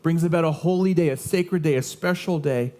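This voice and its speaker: A man's voice: fairly high pitch, a little fast, dark tone. A young adult man preaching a sermon as pastor, earnest and conversational, telling personal stories with frequent restarts. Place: church sanctuary.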